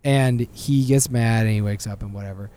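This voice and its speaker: A man co-hosting a movie podcast, chatting casually and animated, laughing often and jumping up in pitch for jokes. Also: moderate pace, slight background noise. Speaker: podcast host. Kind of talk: casual chat.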